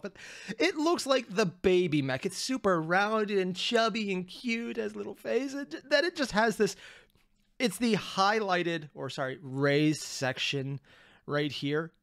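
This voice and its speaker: A man hosting a reaction video, excitable and rambling, with self-deprecating asides, on a close mic. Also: sits high, no echo. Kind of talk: reaction commentary.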